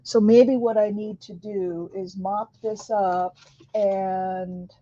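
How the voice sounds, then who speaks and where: A woman's voice: medium pitch, steady tone, slow, mellow, no room sound. A woman hosting a craft video, chatting casually and asking questions as she works. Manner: chatty, asks questions while working. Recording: dry, dull lo-fi sound.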